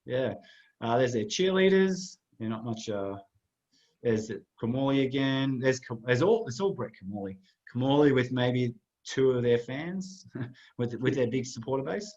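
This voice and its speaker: A man's voice: medium pitch, animated, moderate pace, darkish tone, dull audio. A man, co-hosting a casual sports podcast and rambling through photos with plenty of fillers. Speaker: podcast co-host.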